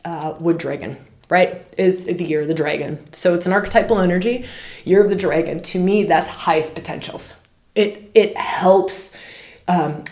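A woman with a lowish voice hosts a spiritual podcast and talks in an animated, casual way. She repeats key words for emphasis. The recording has a roomy echo. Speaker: podcast host.

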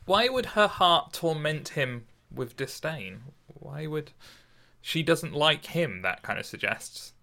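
A young man hosting a podcast, reading a sonnet slowly aloud and then chatting and joking animatedly about it. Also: on the high side, big pitch swings, gravelly, pushed and bright. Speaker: podcast host. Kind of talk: casual chat and poetry reading.

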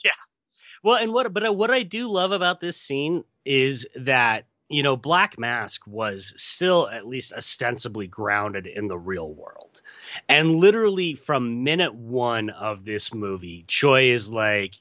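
American male podcast co-host, eager casual film talk, bright tone, lo-fi dull sound. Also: medium pitch, expressive, measured pace, no room sound. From United States. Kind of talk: casual film review chat.

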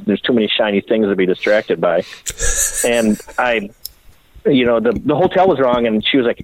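A man's voice: mid-range voice, normal speed, poor audio. A man, a bike builder, telling a long story in a casual podcast interview, rambling and swearing as he acts out what people said. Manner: profane, rambling, animated storyteller who acts out quotes.

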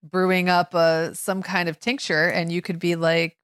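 A woman's voice: fairly low pitch, level tone, moderate pace, a bit bright, clear, resonant tone, no echo, clean studio sound. Laid-back woman podcast co-host. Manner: laughing, conversational, with fillers. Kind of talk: casual chat.

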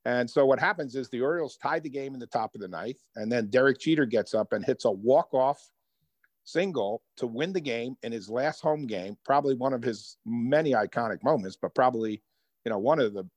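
A man telling personal stories as a guest in an interview, lively and conversational. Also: mid-range voice, fairly quick, no room sound. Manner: animated storyteller, acts out quoted voices. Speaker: author and guest. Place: Hoboken.

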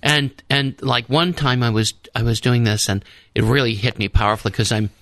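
A man's voice: mid-range voice, steady tone, normal speed, fairly bright tone, no echo. A man, a priest and guest on a radio talk show, telling rambling stories in a casual discussion with many restarts. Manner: rambling storyteller, restarts often. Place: radio studio.

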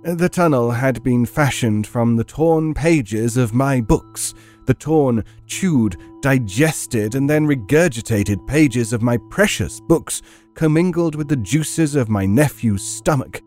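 Male narrator reading a dark tale. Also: medium pitch, animated, slow pace, soft background music. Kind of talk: scripted narration of a dark story.

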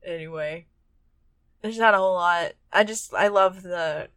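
A woman's voice: fairly low pitch, a little slow, a bit bright, clean tone, dry recording. A woman co-hosting a podcast, joking and giggling in casual chat. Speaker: podcast co-host.

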